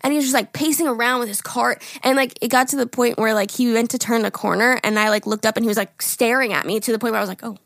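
A woman's voice: on the high side, quick pace, gravelly, hardly any pauses, no room sound, studio quality. A woman in her twenties co-hosting a podcast, telling stories in casual chat with frequent laughs and swearing. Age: 20s. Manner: animated storytelling, laughs often, swears. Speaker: podcast co-host.

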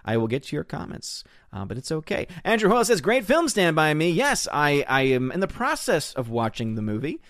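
A man's voice: fairly high pitch, big pitch swings, a little fast, few pauses, fairly bright tone, dry recording, studio quality. Chatty man hosting a live stream. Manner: chatty, upbeat, reads chat aloud with playful voices. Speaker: livestream host. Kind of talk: casual live-stream chat reading comments.

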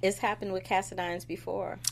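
A woman co-hosting a casual chat about a soap opera, animated and quick to laugh. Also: medium pitch, creaky, a little hiss or hum. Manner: animated, laughs often, acts out quotes. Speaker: soap opera podcast co-host.

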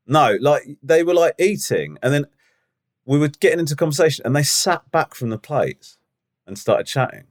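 A man's voice: on the high side, expressive, normal speed. A young man co-hosting a podcast in casual chat, sardonic and mock-disgusted, with a lot of swearing. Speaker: podcast co-host.

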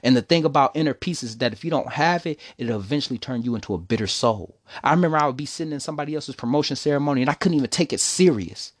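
A man's voice: medium pitch, lively intonation, rapid-fire, few pauses, no echo. Young man, personal storytelling monologue, preachy and emotional, dry sound. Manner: emotional, preachy, repeats "see, the thing is".

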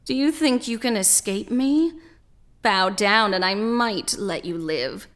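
A woman's voice: medium pitch, sing-song, slow. A woman voicing a cruel, gloating half-vulture demon that cackles and howls its threats. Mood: menacing.

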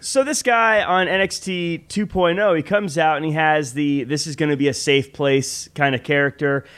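A man co-hosting a casual podcast chat, laying out his points in a measured, analytical way with some self-deprecating humor. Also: fairly high pitch, steady tone, a bit bright, clear, resonant tone. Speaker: podcast co-host.

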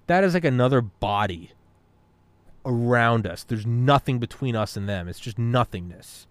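A man's voice: medium pitch, normal speed, no room sound. A man in casual podcast chat, rambling, swearing and philosophizing as he talks. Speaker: podcast talker.

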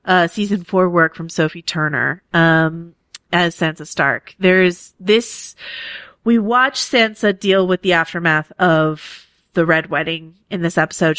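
A woman's voice: lowish voice, steady tone, a little slow, fairly bright tone, no echo. A woman co-hosting a casual podcast, talking through a TV episode with enthusiasm and plenty of fillers. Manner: enthusiastic, fan-style with many fillers. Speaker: podcast co-host. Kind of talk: casual TV recap chat.

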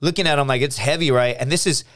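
An American man, a podcast co-host, telling a story in casual chat, animated and full of restarts, acting out his friends' lines. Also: mid-range voice, fast talker. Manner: animated, restarts a lot, acts out quoted friends.

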